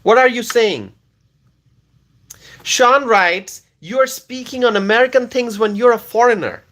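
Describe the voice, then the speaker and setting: In an unhurried, very high and slightly bright voice, a Bangladesh-born man reads chat comments on his live stream. He responds with repeated questions and laughs.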